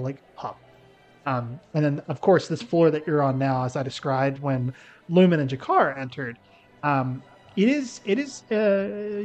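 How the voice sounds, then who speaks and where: A man's voice: on the high side, darkish tone. A man narrating a tabletop game as game master, loose and rambling with lots of likes and ums.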